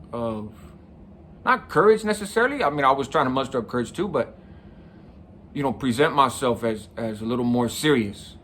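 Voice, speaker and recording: A man's voice: medium pitch, fairly bright tone, a little hiss or hum. A middle-aged man from California, the host of a show, telling a personal story in a casual, conversational way, often checking in with the listener. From San Mateo County, California. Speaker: podcast host.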